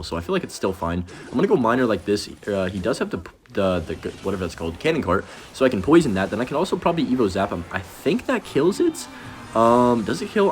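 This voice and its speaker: A young man giving casual, rambling commentary over his own gameplay, self-deprecating and reacting quickly to each play. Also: lowish voice, a little hiss or hum. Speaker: gaming commentator.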